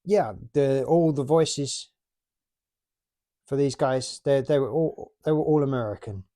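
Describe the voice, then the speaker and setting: A man's voice: medium pitch, measured pace, dark tone. A man in his late forties from the UK, chatting casually and rambling about his toy collection. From United Kingdom. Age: 40s. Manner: rambling, chatty, self-mocking.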